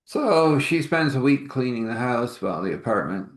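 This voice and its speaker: A man's voice: medium pitch, expressive, moderate pace. A man telling a faith-based everyday story in a rambling, homespun way with many fillers. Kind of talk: informal spoken storytelling. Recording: echoey room.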